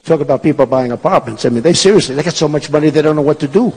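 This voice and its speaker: A man's voice: a little high, very fast, hardly any pauses, a little mellow, breathy edge. A man in his sixties giving a repetitive, emphatic and boastful rally speech in a large hall. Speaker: political candidate speaking at a rally. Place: large performing arts hall. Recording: long hall reverb.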